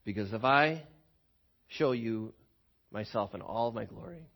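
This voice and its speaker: A man voicing God, deep and grave. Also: creaky, full character voice. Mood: stern warning. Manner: slow, grave and quiet. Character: God, a stern, all-powerful male deity. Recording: dull lo-fi recording.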